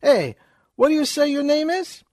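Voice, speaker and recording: A boisterous mock-Italian comic schemer, put on by a man reading aloud, mangling his English with gusto. The voice sits high and leaps around lively, loud and bright. It is recorded dry and close. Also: moderate pace, dry recording. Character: brash wisecracking male schemer, mock-Italian.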